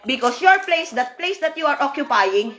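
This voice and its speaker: High-voiced woman venting emotionally. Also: expressive, normal speed, background noise. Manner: emotional, repeats herself, frequent "you know". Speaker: former apprentice. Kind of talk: emotional personal vlog monologue.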